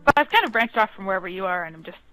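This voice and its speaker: Female co-host, lively teasing gameplay chat, light music bed. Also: medium pitch, very fast, poor audio. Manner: playful, giggly, teasing. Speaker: co-host, wife.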